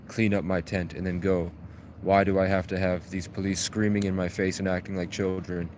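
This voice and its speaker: A man's voice: sits low, a little mellow, slight background noise. A man livestreaming outdoors from the woods on his phone, telling a rambling, profane, agitated story in a casual way. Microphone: phone held at arm's length.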